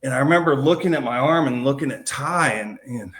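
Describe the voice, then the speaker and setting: A man's voice: mid-range voice, a little fast, fairly bright tone. A man, a podcast guest, recounting a personal story in a casual, slangy way. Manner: casual and slangy, calling the host man and dude.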